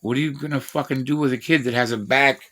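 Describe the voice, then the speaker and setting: A man's voice: medium pitch, fairly even intonation, fast, a bit bright. A man in his fifties telling rambling personal stories in a profane, boastful, meandering way. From Washington State, USA. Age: 50s. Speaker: vlogger.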